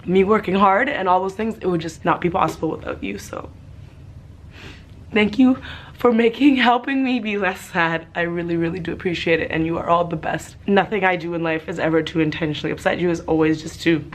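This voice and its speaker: A woman's voice: on the low side, fairly quick. A woman vlogging in a casual monologue, talking in an emotional, sentimental and rambling way.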